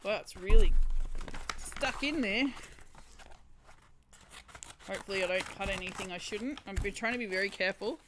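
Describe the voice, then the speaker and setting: A woman's voice: mid-range voice, moderate pace, pauses often, noisy background. A woman hosting a crochet livestream, chatting casually and giggling often as she opens a parcel. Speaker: crochet channel host. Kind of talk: casual livestream chat, unboxing. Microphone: home streaming setup.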